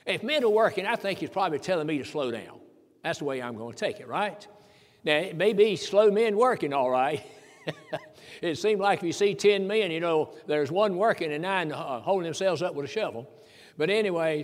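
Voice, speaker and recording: A man preaching a sermon in a folksy way, chuckling between points and slowing down when he quotes scripture. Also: a little high, expressive, in a large hall.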